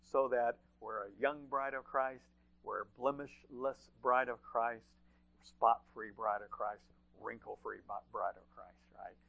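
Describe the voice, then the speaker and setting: A man's voice: mid-range voice, steady tone, a little slow, creaky, narrow, tinny audio. A man preaching a sermon in a conversational way, often repeating phrases and checking in with "right?".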